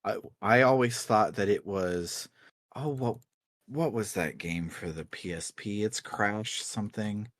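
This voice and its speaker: Relaxed, rambling man, low voice. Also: measured pace, no echo, studio quality. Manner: relaxed, rambling, laughs often. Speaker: podcast co-host. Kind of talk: casual chat about video games.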